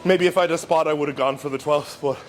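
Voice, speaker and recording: A man giving casual, instructive commentary during his own gym workout, talking through form cues in a relaxed way. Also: on the high side, fast, slight background noise. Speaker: bodybuilder and coach. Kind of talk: casual training vlog commentary.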